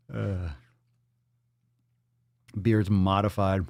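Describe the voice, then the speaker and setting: A man's voice: on the low side, slow, long pauses, a little mellow. A man hosting a livestream, reading out viewer donations and messages in casual, profane chat full of jokes and riffs. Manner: joking, profane and riffing off-the-cuff. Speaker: livestream host.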